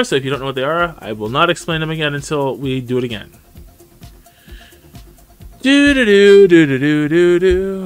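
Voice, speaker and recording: A chatty male streamer talking through live gameplay, his fairly high voice bouncing around with lively swings. Faint music plays under his talk. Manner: chatty, greets viewers by name. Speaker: gaming streamer.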